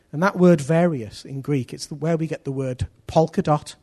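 A middle-aged preacher delivers a sermon with a somewhat high, husky voice. He talks animatedly, acting out other people's voices and dropping from loud to hushed. His delivery swings between urgent and quiet. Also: moderate pace, hardly any pauses.

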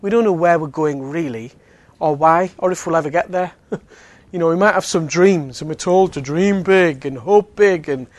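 Man, somewhat high voice, evangelistic talk, conversational, joking asides. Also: normal speed, few pauses, dry recording. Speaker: Alpha course speaker.

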